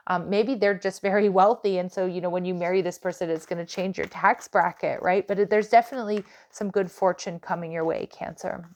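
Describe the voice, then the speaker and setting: A woman's voice: on the low side, darkish tone. A woman doing a casual tarot reading for her viewers, chatty and direct, with plenty of "like" and "you know". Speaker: tarot reader.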